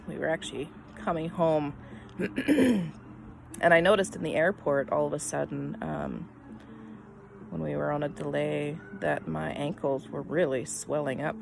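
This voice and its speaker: A middle-aged woman telling a personal story in a casual, rambling way, full of "um" and "I mean", often trailing off softly at the end of her thoughts. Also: low voice, vocal fry, noisy background. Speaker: vlogger.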